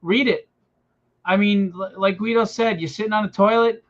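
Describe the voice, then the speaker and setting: Male stream host, high-ish voice, loose friendly pitch, dull lo-fi sound. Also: steady tone, normal speed. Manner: chatty, encouraging, loose. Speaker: livestream host. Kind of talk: casual promotional chat.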